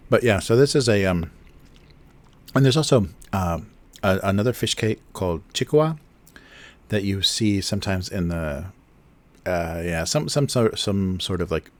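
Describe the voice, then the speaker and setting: Deep-voiced guy rambling on his livestream, lots of ums, right up on the mic. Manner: rambling, explains with many fillers and restarts. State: chewing food near the mic. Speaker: livestream host, cartoonist. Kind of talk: casual livestream chat. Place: home studio in Japan. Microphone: close desk mic.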